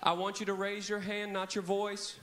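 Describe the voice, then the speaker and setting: Lively man running a kids' church service on a handheld mic, slightly high voice, calls and repeats with the children. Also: moderate pace. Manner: animated, leads call-and-response with kids. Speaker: camp preacher. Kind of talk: children's sermon. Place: large church hall with children. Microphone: handheld microphone.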